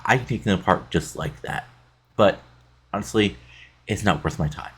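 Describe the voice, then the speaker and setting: A man's voice: sits low, normal speed, slightly rough. A man reading out the lines of an arrogant male wrestler sneering at bikers. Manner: sneering, read aloud plainly.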